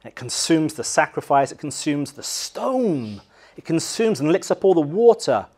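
Animated English preacher, higher-voiced man. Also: normal speed, breathy edge. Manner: animated preaching, swings from loud acted cries to quiet emphasis. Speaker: pastor. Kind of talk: sermon.

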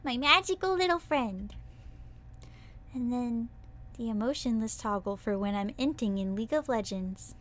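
A woman's voice: mid-range voice, moderate pace. A woman streaming as a VTuber, chatting casually and playfully with her viewers, breaking into squeals and cutesy sound effects. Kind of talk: casual livestream chat.

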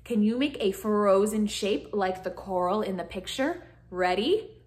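A woman storyteller reading a picture book to young kids, her voice swooping up and down with lively expression. She takes her time, drawing each phrase out slowly, and keeps stopping to coax the children into freezing, wiggling and cheering along. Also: mid-range voice. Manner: animated, guiding children through movements.

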